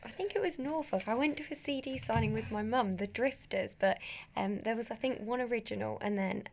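A woman co-presenter chatting in a hesitant, softly spoken way. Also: fairly high pitch, brisk, gravelly, a little hiss or hum. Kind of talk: casual chat.

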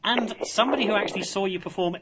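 A man's voice: high-pitched, fast, heavy background noise. A man hosting a radio show from a studio, laughing as he introduces guests. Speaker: radio host.

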